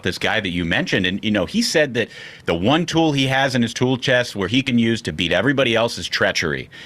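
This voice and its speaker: A man's voice: medium pitch, expressive, fairly quick, fairly bright tone. Man panelist, emphatic, repeats lines for effect. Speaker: political panel guest. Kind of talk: heated panel talk.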